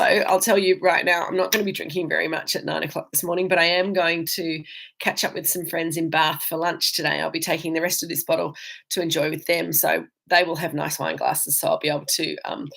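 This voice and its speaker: A woman's voice: lowish voice, vocal fry, fairly bright tone. A woman with an Australian accent hosting a live virtual wine tasting, chatting casually with viewers and rambling with many ums and restarts. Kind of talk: casual chat answering viewer comments. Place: indoors, travelling.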